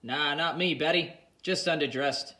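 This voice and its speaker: A man voicing a boozy, cheeky male drinking buddy who jokes around loudly, in an audiobook reading. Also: a little high, unhurried, pitched above the performer's own voice. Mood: boisterous. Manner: jokey, slangy, loud and boisterous.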